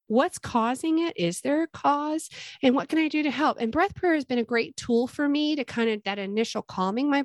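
Earnest middle-aged woman guest, gentle and explanatory, slightly high voice, dry close sound. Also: no room sound. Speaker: guest sharing her faith and experience with anxiety. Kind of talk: casual conversation.

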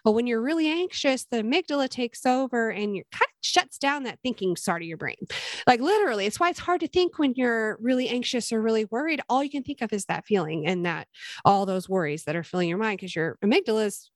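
A middle-aged woman talking in an earnest, gentle and explanatory way as a guest in a casual conversation. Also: on the high side, animated, quick pace, dry recording. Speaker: guest sharing her faith and experience with anxiety.

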